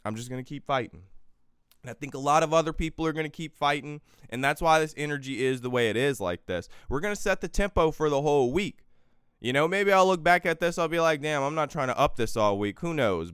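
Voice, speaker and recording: A man hosting a political livestream, tired and exhausted, swinging between quiet weary stretches and loud profane outbursts into a close microphone. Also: on the high side, smooth, no echo. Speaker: livestream host. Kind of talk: impassioned political livestream rant.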